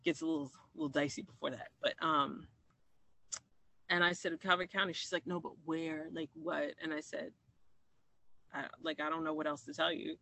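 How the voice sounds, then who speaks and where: Gravelly, bright-voiced man from Maryland. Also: fairly high pitch, fairly even intonation, normal speed, dry recording. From Maryland, USA. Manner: reflective, with many restarts and acted-out quoted dialogue. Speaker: interviewee. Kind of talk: personal storytelling in an interview.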